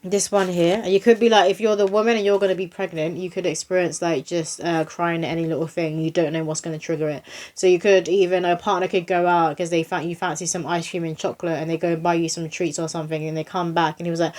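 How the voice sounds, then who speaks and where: A young adult woman giving a casual psychic reading, chatty and rambling, with slow read-aloud poems in between. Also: lowish voice, fairly even intonation, a little mellow. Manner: chatty, rambling, with many fillers and restarts; reads short poems aloud slowly. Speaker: psychic medium doing a tarot reading.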